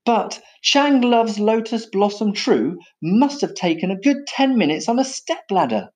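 Brief: a man playing an angry elephant master, high and bellowing, scolding at full volume. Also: very animated, measured pace. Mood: stern. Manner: roaring, scolding. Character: furious bossy adult male elephant master.

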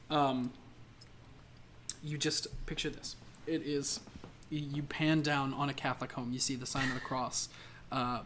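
A man's voice: a little high, a bit bright, a little hiss or hum. A man co-hosting a podcast in casual comedic chat, laughing often and swearing freely as he acts out silly scenes. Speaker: podcast co-host.

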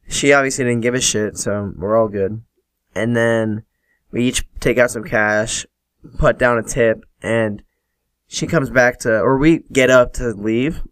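A young man tells stories on his solo podcast in a loose, casual way. He swears freely, laughs, and acts out what people said. His voice sits at an average pitch, recorded on a dry, close mic. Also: no room sound. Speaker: podcast host.

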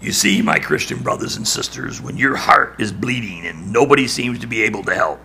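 Gravelly, forceful preacher man. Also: fairly low pitch, expressive, a little fast, few pauses, a little hiss or hum. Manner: dramatic, building to shouts then dropping to near-whispers. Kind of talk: sermon.

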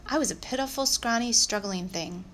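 Brief: worried earnest boy, higher voice; a woman reads him. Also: normal speed, a bit bright, slight background noise, natural voice.

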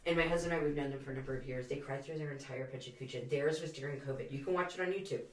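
A woman guest in a casual podcast chat, an animated storyteller who swears freely. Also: extremely low pitch, rapid-fire, echoey room, far from the mic.

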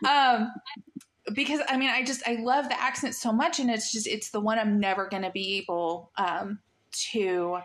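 Female podcast host, casual and chatty, mid-pitched, lots of ums. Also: steady tone, moderate pace, fairly bright tone, slight background noise. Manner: chatty, many fillers, laughs easily.

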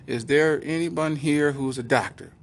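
A man voicing a polite, flustered female flight attendant, lightly raised in pitch. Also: unhurried, gravelly.

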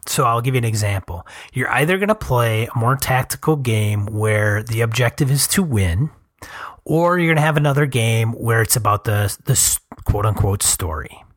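A man's voice: medium pitch, dry recording, studio quality. A man co-hosting a casual podcast chat, thoughtfully explaining his view step by step. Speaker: podcast co-host. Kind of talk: casual chat about tabletop gaming.

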